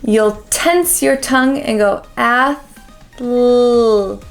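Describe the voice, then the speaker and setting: An American-accented woman coaches pronunciation at a very slow, deliberate pace, repeating each word again and again. Her voice sits fairly high. Soft music plays quietly under her. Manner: slow, careful drilling with repeated words. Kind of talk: pronunciation lesson.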